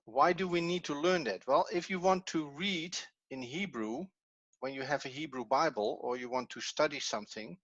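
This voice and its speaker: A man teaching a lesson, speaking haltingly as he works with a board. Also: fairly high pitch, fairly bright tone, dry recording, dull audio. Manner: halting, with fillers and restarts. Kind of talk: lecture.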